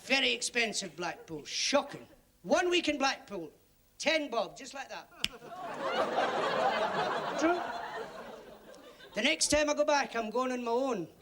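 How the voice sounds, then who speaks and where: A male comedian with a very high voice fires off punchy one-liners. A roaring studio audience and heavy noise from an old 1970s TV recording surround him. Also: sing-song, unhurried, pauses often, over a noisy crowd. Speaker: stand-up comedian. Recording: noisy 1970s TV studio with loud audience laughter.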